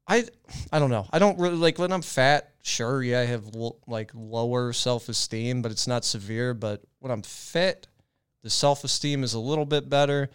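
A young man rambles through a casual podcast chat, cursing freely and circling back on his own thoughts. His voice comes through smooth and clear at an ordinary pitch. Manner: loose, profane and rambling. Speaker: podcast co-host.

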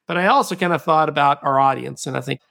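A man's voice: fairly high pitch, fast talker, vocal fry, pushed and bright. A man hosting a podcast interview, reflecting on the guest's points and steering the conversation. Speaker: podcast host.

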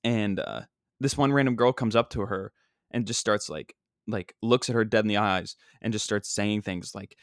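Brief: young male stand-up podcaster, low voice, rambling story, dry close mic. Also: moderate pace, no echo. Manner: rambling, many fillers and restarts. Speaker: podcast host and stand-up comic. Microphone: single microphone.

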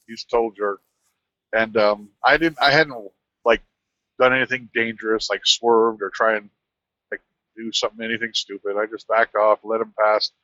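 A man, a truck driver, telling a rambling, animated anecdote in casual conversation. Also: on the low side, normal speed, no echo, highs cut off. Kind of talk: casual storytelling.

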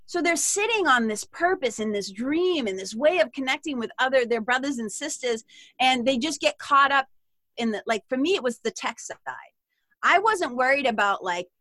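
A woman with a Boston accent, chatting as a podcast guest in a lively, rambling way with frequent laughs. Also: high-pitched, normal speed, no room sound. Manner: chatty and animated, given to tangents and laughter. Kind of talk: casual interview chat.

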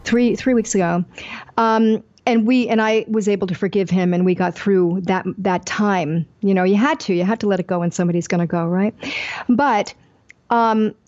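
An older woman speaks in a mellow, relaxed tone, candidly recounting her own story as an interview guest. She livens it up by acting out the people she quotes. The recording is dull and lo-fi. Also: medium pitch, moderate pace. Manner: animated, acts out quoted dialogue. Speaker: author guest.

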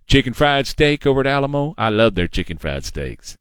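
A man's voice: mid-range voice, sing-song, brisk, fairly bright tone, clean tone, dry recording. A man hosting a talk show, giving a combative, sarcastic political monologue and mocking his opponents. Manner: combative, sarcastic, mocks opponents in put-on voices. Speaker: radio talk show host.

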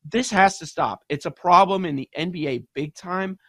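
A man's voice: high-pitched, moderate pace, fairly bright tone, dry recording, clean studio sound. A man ranting indignantly about sports betting in casual talk-show chat.

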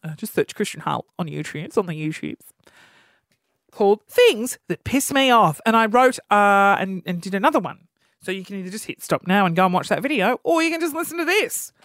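Man, thirties, comedic rant, exasperated storyteller, very animated pitch, dry sound. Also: a little fast, dry recording. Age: 30s. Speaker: podcast host.

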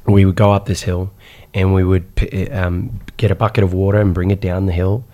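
A man from Iraq telling his life story as a guest, in an animated way with frequent fillers and "right?". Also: low-pitched, a little fast. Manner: animated, repeats "right?" and "insane", many fillers. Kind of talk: personal storytelling in conversation.

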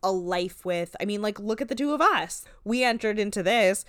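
A woman co-hosts a casual podcast, rambling with lots of "like" and easy laughter. Her voice is smooth and clear, recorded close and dry with no room sound. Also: medium pitch, animated, normal speed, a bit bright, no room sound. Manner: chatty, lots of "like", laughs often. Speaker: podcast co-host. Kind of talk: casual chat recapping a reality show.

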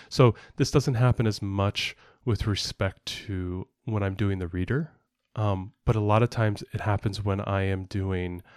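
A man's voice: lowish voice, darkish tone, no room sound, clean studio sound. A man co-hosting a casual podcast, explaining at length in a rambling way with frequent fillers and restarts. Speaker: podcast co-host and parent.

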